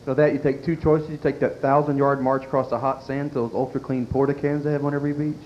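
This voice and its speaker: A man's voice: medium pitch, level tone, fast talker. A male comedian, doing a crude, self-mocking stand-up routine and talking to the club crowd. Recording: dull lo-fi 1990s club tape. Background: audience laughter and faint room noise.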